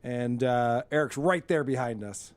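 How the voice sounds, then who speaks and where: A man's voice: medium pitch, measured pace. A man hosting a casual podcast who runs a quiz game in an easygoing way and laughs often. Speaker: podcast host.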